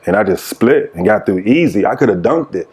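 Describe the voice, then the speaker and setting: A man with a fairly low voice tells old basketball stories as a podcast guest. His delivery is laid-back and casual, and he often laughs as he goes. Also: animated, brisk, a little mellow. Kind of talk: casual storytelling.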